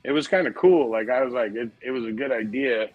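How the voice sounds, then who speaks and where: A man's voice: medium pitch, a little fast, no room sound, phone-quality sound, soft background music. A man in his forties chatting casually on a podcast, rambling through profane anecdotes and calling everyone dude. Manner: profane, rambling storyteller, says dude a lot. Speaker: podcast host. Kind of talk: casual chat.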